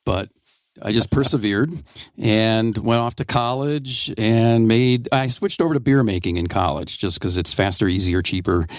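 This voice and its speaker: In a radio studio, a Wisconsin winemaker in his sixties chats wryly through meandering anecdotes as an interview guest. He speaks at a moderate pace in a fairly low voice, with no room sound.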